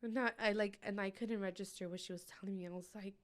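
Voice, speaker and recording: A woman's voice: medium pitch, steady tone, brisk. Woman guest, mid-range voice, emotional personal storytelling, casual fillers. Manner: emotional, filler-heavy retelling. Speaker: podcast guest.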